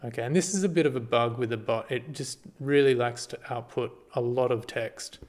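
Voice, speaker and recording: A man casually walks through a screen-recorded tutorial, relaxed and halting, with lots of ums and restarts. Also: medium pitch. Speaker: party volunteer giving a tutorial.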